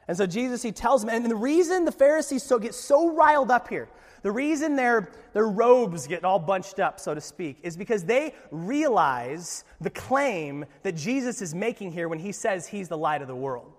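High-voiced man preaching in a reverberant hall. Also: moderate pace. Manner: casual, animated retelling with lively asides. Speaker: pastor. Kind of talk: sermon.

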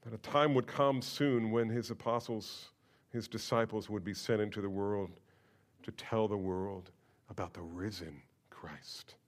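A man preaching a sermon, expressive and emphatic, moving from quiet explanation to loud, impassioned emphasis. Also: lowish voice, measured pace. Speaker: pastor.

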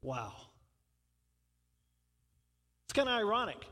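A man's voice: sits high, sing-song, fast, sharp tone, long reverb tail. A man preaching a sermon in a conversational way, putting questions to the congregation and chuckling. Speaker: pastor.

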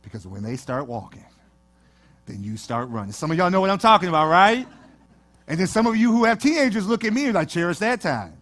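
A man preaching to his congregation with a high voice that swoops up and down. He tells stories in a playful, joking way. The sound is a church sermon. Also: a little fast. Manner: animated storytelling with jokes to the congregation. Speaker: pastor. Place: church sanctuary.

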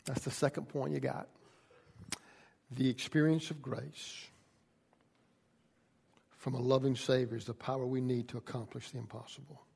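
A man preaching a sermon, shifting from quiet, folksy storytelling to loud, impassioned pleading. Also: medium pitch, little pitch movement, normal speed, vocal fry, pauses often, slightly rough, big-room sound. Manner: builds from quiet teaching to shouted pleading. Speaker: pastor.

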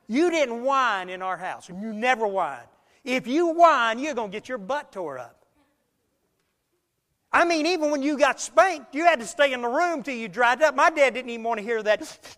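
A man preaching a sermon as pastor, emphatic, swinging between loud and quiet, speeding up and slowing down. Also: extremely high pitch, animated, big-room sound. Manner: emphatic preaching with big swings in loudness and pace.

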